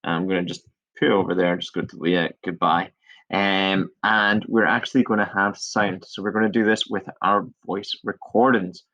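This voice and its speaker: A male teacher walking through a coding tutorial step by step, chatty and relaxed, shrugging off his own small mistakes. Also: low-pitched, moderate pace. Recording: dull lo-fi screen recording.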